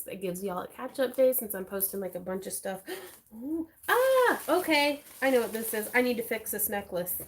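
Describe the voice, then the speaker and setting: A woman hosting a craft livestream, chatting casually in a bubbly, excitable way with frequent giggles. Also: medium pitch.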